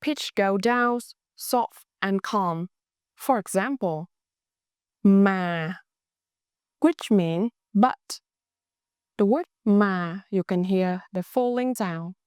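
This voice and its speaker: A young woman with a Vietnamese accent teaching a language lesson, speaking slowly and carefully and drawing out words to show how they sound. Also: medium pitch, lively intonation, darkish tone, no room sound, studio quality. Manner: slow, careful, exaggerated tone demonstrations.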